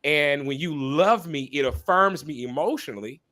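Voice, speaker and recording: A man speaking as a podcast guest and minister, talking candidly and passionately, repeating phrases for emphasis like a preacher and pausing to apologize for talking so long. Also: a little high, sharp tone. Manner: apologetic asides to listeners. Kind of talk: candid conversational testimony.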